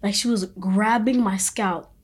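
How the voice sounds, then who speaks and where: A young woman co-hosting a casual podcast with an ordinary mid-range voice. She tells her stories in a relaxed, matter-of-fact way, talking easily with a friend. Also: medium pitch, unhurried, breathy edge. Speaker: podcast co-host. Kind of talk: casual chat.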